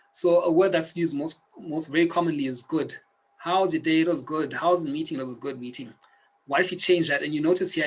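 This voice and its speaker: Addressing the viewer directly, this self-help instructor talks earnestly in the manner of a coach. The fairly high, slightly rough voice comes through on a low-quality recording of the instructional video.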